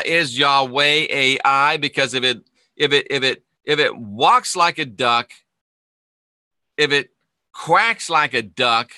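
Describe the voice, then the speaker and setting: Pushed and bright, this man's voice sits on the high side, captured with studio quality and no echo. He is a middle-aged former minister turned spiritual teacher, giving an emphatic video monologue in a preaching style, packed with repetition and rhetorical questions.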